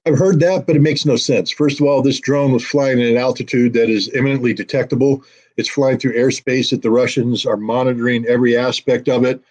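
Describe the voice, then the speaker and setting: Blunt, combative man with a husky voice. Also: medium pitch, a little mellow, poor audio. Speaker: guest commentator. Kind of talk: interview, heated commentary.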